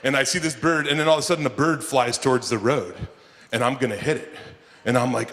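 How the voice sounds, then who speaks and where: A man telling stand-up stories at a conference breakfast keynote, animated and jumping into shouted high bits when acting out scenes. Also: fast talker. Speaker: stand-up comedian and keynote speaker. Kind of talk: stand-up comedy storytelling. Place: conference hall before a live audience. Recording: long hall reverb, faint room noise.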